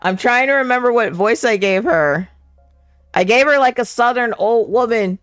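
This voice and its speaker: A woman's voice: on the high side, normal speed, soft background music. A woman streamer chatting casually and self-mockingly between voiced game lines. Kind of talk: casual commentary while voicing a game.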